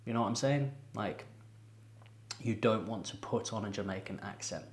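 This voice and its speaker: Chatty low-voiced man with room echo. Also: a little hiss or hum. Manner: chatty, laughs often, halting with ums and restarts. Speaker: music reaction video host. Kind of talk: casual reaction commentary.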